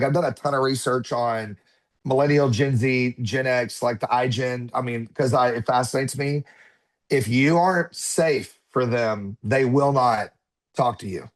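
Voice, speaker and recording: A man in his thirties, a podcast guest, telling a personal story in conversation and acting out what his children said. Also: mid-range voice. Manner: animated, acts out quotes of his children.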